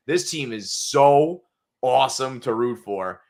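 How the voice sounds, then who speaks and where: A man co-hosting a sports podcast, animated and swearing freely. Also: mid-range voice, slow. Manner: animated, swears freely, voices quotes loudly. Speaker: podcast co-host. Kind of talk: casual sports chat.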